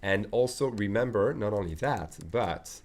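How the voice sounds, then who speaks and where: Male language teacher, lowish voice, conversational and explanatory. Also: lively intonation, unhurried. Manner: chatty, explains with asides and checks in often. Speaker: French teacher. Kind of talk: online language lesson.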